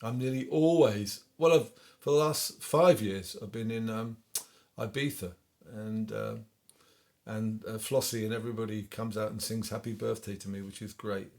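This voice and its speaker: With faint guitar in the background, a West Country singer-songwriter chats casually at home during lockdown, reading out dedications between songs on his request show. He has a fairly low, gravelly, darkish voice, keeps a steady tone, and talks at normal speed.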